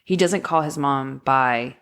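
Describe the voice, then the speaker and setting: A woman's voice: very deep voice, unhurried, fairly bright tone, clear, resonant tone. A young woman from rural Texas, co-hosting a podcast and chatting casually about a film, giggly and prone to trailing off. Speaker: podcast co-host.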